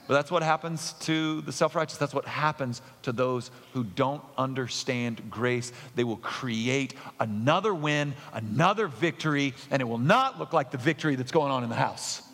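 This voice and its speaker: Male preacher, mid-pitched, emphatic sermon delivery with loud bursts, in a reverberant hall. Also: moderate pace, hardly any pauses. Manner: emphatic, swings between loud excited bursts and quiet earnest asides. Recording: long reverb of a large hall.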